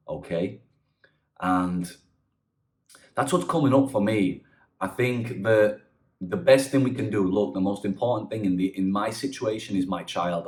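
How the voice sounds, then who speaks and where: A man's voice: lowish voice, a little mellow. A man giving earnest, rambling advice in a casual vlog monologue, often restarting his sentences. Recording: echoey room.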